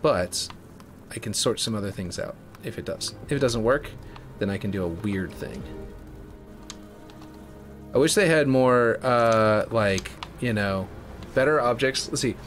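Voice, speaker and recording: A man giving casual, rambling commentary as he builds a game map, thinking out loud and correcting himself as he goes. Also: medium pitch, animated, unhurried, long pauses, faint music behind.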